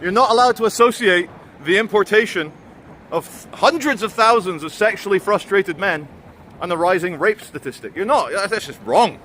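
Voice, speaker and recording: A man's voice: sits high, animated, moderate pace, fairly bright tone. An English man walking through city streets, filming himself for viewers with mocking, chatty commentary. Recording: faint street noise outdoors.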